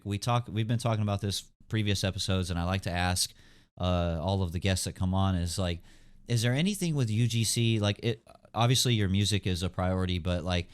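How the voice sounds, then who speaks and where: A young man hosting a casual gaming podcast, rambling with lots of fillers and hedges. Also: fairly low pitch. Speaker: podcast host. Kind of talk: casual chat.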